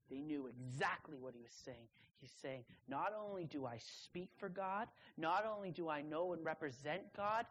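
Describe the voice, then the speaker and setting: A young woman delivers a sermon to a student group, stressing each key word and pausing for effect. Her delivery swings between quiet, low stretches and loud, rising bursts. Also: lively intonation, slightly rough, dull audio. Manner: emphatic, drawn-out pauses on key words. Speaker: preacher at a student gathering.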